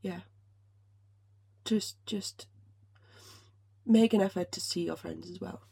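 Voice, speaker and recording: Emotional woman, husky voice. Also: fairly low pitch, takes it slowly, dark tone. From Finland. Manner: emotional, swears freely, many restarts. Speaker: podcast host. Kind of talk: casual solo podcast talk.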